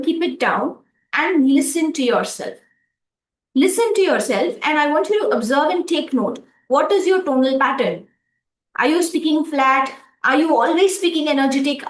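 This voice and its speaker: A woman coaching speaking skills in a livestream lesson, repeating phrases slowly to demonstrate stress and pauses. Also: high voice, roomy sound, far from the mic, low-quality recording.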